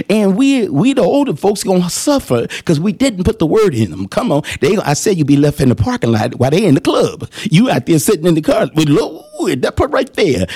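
An older man in his sixties preaching a sermon, reading scripture slowly and calling out to the congregation. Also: sits high, a little mellow, slightly rough. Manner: call-and-response preaching, drawn-out scripture reading.

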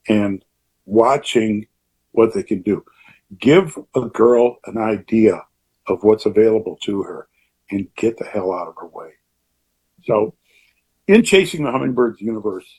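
Older man, grandfather type, husky voice, folksy rambling delivery with emphatic asides. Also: fairly low pitch, darkish tone. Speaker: author. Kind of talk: casual conversational monologue.

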